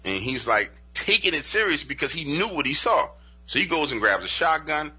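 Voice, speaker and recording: A man with a strikingly bright, forceful voice that has a husky grain to it, spinning an eerie tale as a podcast guest. He talks casually, full of "you know" and "like," and jumps into the voices of the people he quotes. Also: a little high, normal speed. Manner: animated, acts out witnesses' quotes in dialogue; conversational, peppered with "you know" and "like". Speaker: podcast guest telling paranormal encounter stories. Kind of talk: casual spoken storytelling.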